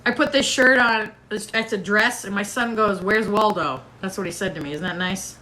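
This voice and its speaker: A middle-aged woman hosts a casual livestream, chatting playfully and reading out viewer comments while waiting for a guest. Her voice is mid-range with a sharp tone, and she talks fairly quickly. A little hiss or hum is audible.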